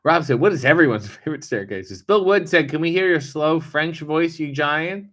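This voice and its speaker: A man hosting a casual livestream reads viewer comments aloud and answers with wry, sarcastic asides and casual swearing. His voice is on the high side and a bit bright, with a moderate pace and few pauses.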